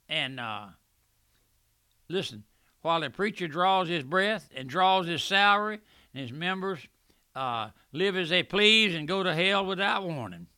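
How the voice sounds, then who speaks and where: An older man preaching a fervent radio sermon, swelling loudly at points and breaking into asides. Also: a little high, no echo.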